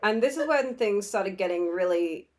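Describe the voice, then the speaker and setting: A young woman co-hosting a podcast, telling a story in casual chat and acting out the dialogue with quick quotes. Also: medium pitch, animated. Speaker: podcast co-host.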